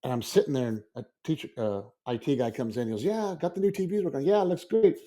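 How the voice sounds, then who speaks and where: Speaking fast in a mid-range voice, a school librarian shares an animated story in casual podcast conversation. He dramatizes his own reactions as he goes.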